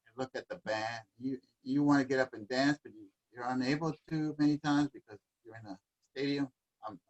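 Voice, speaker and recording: A man's voice: mid-range voice, poor audio. Reflective man mixing in Spanish words. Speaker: guest musician and dancer. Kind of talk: casual conversation. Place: home livestream.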